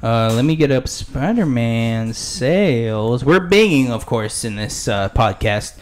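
A man's voice: medium pitch, lively intonation, unhurried. Chuckly, rambling podcast host man. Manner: rambling, chuckly, trails off mid-word. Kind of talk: casual gaming podcast chat and reading news aloud.

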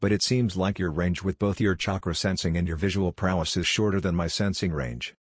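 An earnest, confident young ninja leader, as a man reads him in a storybook reading. The voice sits very low and sounds dry and close, with a kind, persuasive manner. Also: brisk, breathy edge, no room sound. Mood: alert. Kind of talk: audiobook reading of fan fiction.

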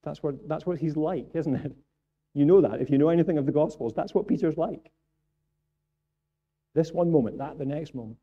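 A Scottish man preaching a sermon in a church, moving between quiet reflective passages and raised, emphatic ones. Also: on the high side, moderate pace, pauses often, slightly rough. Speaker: pastor. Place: church sanctuary. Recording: dull lo-fi sound.

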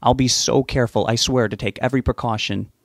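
A man's voice: medium pitch, fairly even intonation, quick pace, gravelly, dry recording, clean studio sound. A man reading an audiobook, voicing an anxious, stubborn young man who talks in an earnest, pleading way. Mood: reassuring. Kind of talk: audiobook character voice.

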